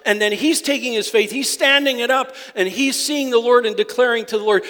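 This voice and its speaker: A male pastor preaching a sermon. He moves between quiet, confiding asides and loud, emphatic declarations. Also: extremely high pitch, fairly quick, few pauses. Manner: impassioned, swings from soft asides to loud declarations. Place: church sanctuary. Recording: long hall reverb.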